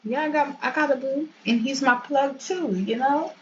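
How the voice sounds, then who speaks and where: A brash middle-aged mother with a sassy, teasing drawl, as a woman puts her on. The voice sits a little high for a woman, and it comes through a dull lo-fi recording with faint hiss. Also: moderate pace, natural voice.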